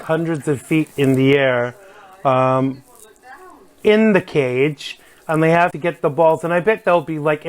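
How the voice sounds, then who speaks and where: A man hosting his vlog, chatting casually and jokily about a TV show as he watches it. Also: on the high side. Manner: chatty, rambling, jokey asides. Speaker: vlog host.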